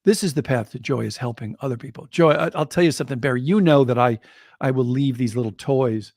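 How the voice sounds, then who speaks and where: A man's voice: mid-range voice, fast, dry recording, studio quality. A man co-hosting a podcast, telling a reflective personal story in a conversational way. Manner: reflective, animated when quoting others.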